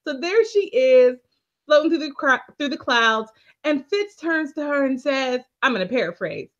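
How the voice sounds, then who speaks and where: A woman co-hosting a show recap, telling the story with animated energy and frequent laughter. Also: high-pitched, normal speed, highs cut off. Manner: animated storytelling, laughing often, keeps addressing co-host. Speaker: co-host. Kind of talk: casual recap chat.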